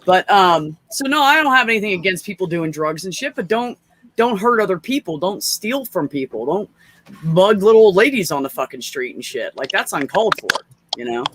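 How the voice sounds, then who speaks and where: A man's voice: high voice, big pitch swings, fairly quick, a bit bright. A man in casual chat, telling stories bluntly with plenty of swearing. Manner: blunt, profane storyteller.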